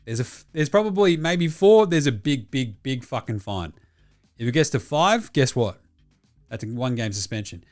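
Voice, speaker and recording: Swearing Australian man, very lively delivery. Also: medium pitch, moderate pace, soft background music. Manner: swears constantly, blunt and rambling. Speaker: podcast host. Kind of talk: solo sports talk, reading listener messages.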